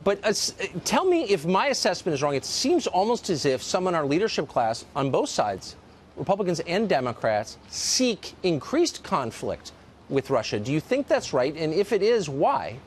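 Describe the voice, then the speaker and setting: A male news host with a fairly high voice interviews a guest on a cable news show. His pitch moves a lot as he asks pointed, probing questions. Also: sing-song, normal speed, a little hiss or hum.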